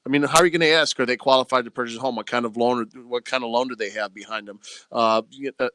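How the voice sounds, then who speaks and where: Man, bright forceful voice, dry close studio sound, emphatic radio talk. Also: medium pitch, steady tone, quick pace, dry recording. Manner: emphatic, plain-spoken sales talk. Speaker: real estate agent. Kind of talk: radio talk show chat.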